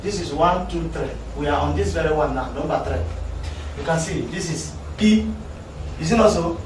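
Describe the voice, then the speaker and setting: A male teacher leading a classroom spelling lesson, calling out words slowly for the class to repeat. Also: a little high. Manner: slow, drilling words for learners to repeat. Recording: echoey room, distant mic, noisy.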